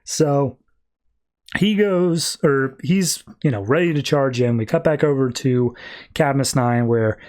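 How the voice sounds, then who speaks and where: A man's voice: mid-range voice, measured pace, darkish tone. A man hosting a podcast, casually retelling a plot in a loose style full of fillers. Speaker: podcast host. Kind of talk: casual comics recap.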